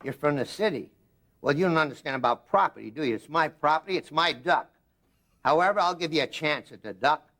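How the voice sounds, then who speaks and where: Big stubborn farmer as a man acts him out, blunt, folksy, deep, quiet. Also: lively intonation, fairly quick. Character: big gruff older male farmer defending his property.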